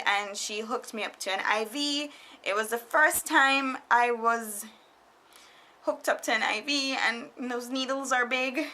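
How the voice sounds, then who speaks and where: A young woman casually telling a storytime vlog, animated and laughing often, quoting people in put-on voices. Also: on the high side, measured pace. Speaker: vlogger. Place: foreigner living in Japan.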